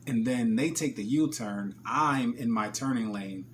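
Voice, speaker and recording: A man with a New Jersey accent tells an animated, profane story in a casual vlog and acts out the scenes. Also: mid-range voice, measured pace, slight background noise. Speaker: vlogger.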